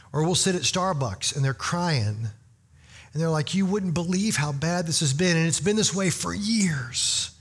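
A pastor preaching a sermon in a conversational, storytelling way, with animated emphasis. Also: male voice, a little high.

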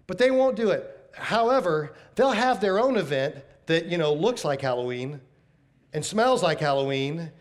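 High-voiced, folksy male preacher. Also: animated, normal speed. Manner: folksy, emphatic preaching with repeated phrases. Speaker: pastor. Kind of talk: sermon.

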